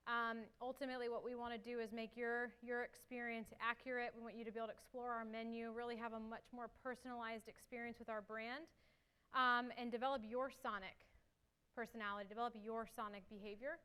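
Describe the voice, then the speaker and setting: A young woman giving an energetic conference talk and answering questions, a little out of breath. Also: fairly high pitch, fairly quick, clean tone. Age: young adult. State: slightly out of breath. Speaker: marketing executive speaker.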